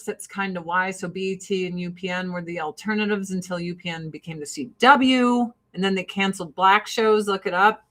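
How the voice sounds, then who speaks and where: A middle-aged woman hosting a casual talk show, rambling and swearing as she tells stories. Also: medium pitch. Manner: rambling, profane, animated storytelling. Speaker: podcast host. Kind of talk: casual chat.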